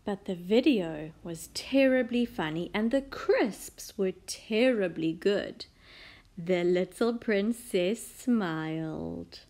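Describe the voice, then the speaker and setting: A woman reading a children's picture book aloud in a very slow, expressive way, dropping now and then into a soft whisper. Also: mid-range voice. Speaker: storyteller.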